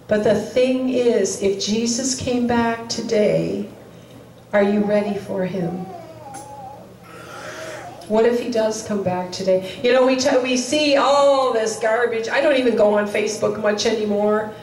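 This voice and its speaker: A woman's voice: mid-range voice, measured pace, darkish tone. A woman preaching a sermon in a chapel with earnest urgency, repeating her key lines for emphasis. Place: chapel hall. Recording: roomy, distant mic, faint noise.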